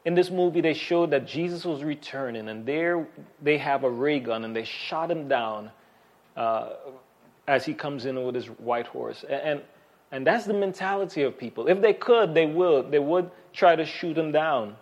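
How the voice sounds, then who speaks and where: A man's voice: on the high side, lively intonation, moderate pace. A man preaching a Bible sermon in a conversational way, with frequent restarts and fillers. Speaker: pastor.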